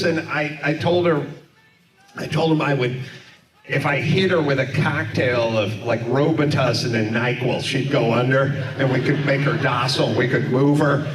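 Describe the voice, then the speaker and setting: A man's voice: fairly high pitch, moderate pace, a crowd in the background. A middle-aged man hosting, telling a rambling comic story in front of a live audience. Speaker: comedy podcast host. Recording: echoey live room, far mic, audience.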